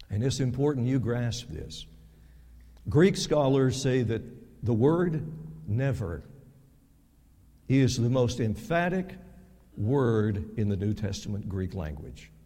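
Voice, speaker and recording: A man preaching a sermon as pastor, emphatic, repeating words for stress and swinging sharply in loudness and pitch. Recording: long reverb of a large hall.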